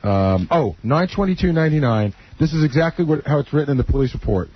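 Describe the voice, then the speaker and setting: A man's voice: on the high side, expressive, quick pace, slightly rough. A man cohosting a radio show, relaying details in a matter-of-fact way. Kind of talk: casual radio banter. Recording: dull radio broadcast audio.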